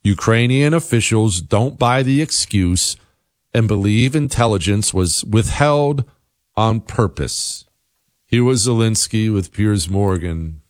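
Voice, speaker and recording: A man's voice: lowish voice, takes it slowly, no echo. A man hosting a political commentary show, talking in an emphatic, insistent, conversational monologue.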